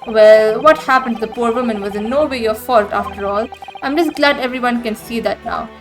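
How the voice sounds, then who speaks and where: A woman voicing a polite, proper young female assistant with a gently teasing manner. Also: fairly high pitch, a little fast, soft background music, natural voice. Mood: soothing.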